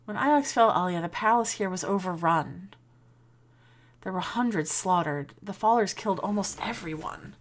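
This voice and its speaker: An actress playing a commanding, secretive elderly professor in video game dialogue, speaking with grave, measured authority. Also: female voice, mid-range voice, animated, lightly acted. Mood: urgent.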